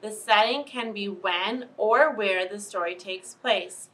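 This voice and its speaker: A woman teacher explaining story settings to parents in a clear, instructive way. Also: medium pitch, takes it slowly, bright, forceful tone. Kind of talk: explaining reading tips to parents. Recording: distant mic.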